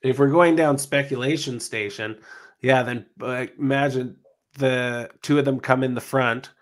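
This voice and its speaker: A man's voice: mid-range voice, fairly even intonation, unhurried. A man hosting a casual podcast panel discussion, rambling, swearing freely and trailing off mid-sentence. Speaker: podcast host.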